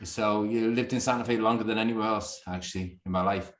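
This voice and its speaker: A man's voice: fairly low pitch, fairly even intonation, quick pace, fairly bright tone, echoey room. Northern English man, chatty video call. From Northern England. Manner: chatty, laughing, rambling. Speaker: distillery founder. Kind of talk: casual video call chat. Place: upstairs bedroom at home.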